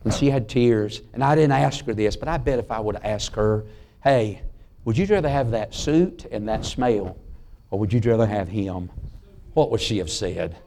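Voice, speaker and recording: A man's voice: fairly low pitch, moderate pace. Folksy preacher man. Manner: folksy storytelling with sudden drops to a hush. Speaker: pastor. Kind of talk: sermon. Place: church sanctuary.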